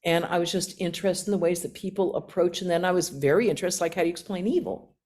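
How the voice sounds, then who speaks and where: Woman, 60s, American nun, animated storyteller, slightly low voice, self-mocking humor. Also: quick pace. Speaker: guest speaker, nun. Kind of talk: storytelling talk with questions.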